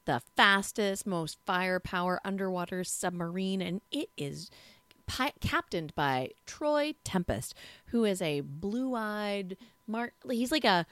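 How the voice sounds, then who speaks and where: A woman co-hosting a podcast in casual chat, talking in an expressive, chatty way with frequent restarts. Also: mid-range voice, slow pace, no echo. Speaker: podcast co-host.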